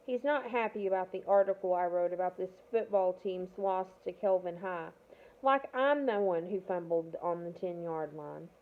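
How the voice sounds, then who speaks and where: A woman's voice: on the low side, normal speed, lightly acted. A woman reading aloud, voicing a nervous bespectacled teenage boy who writes for the school paper. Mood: flustered. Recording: tinny phone-like audio.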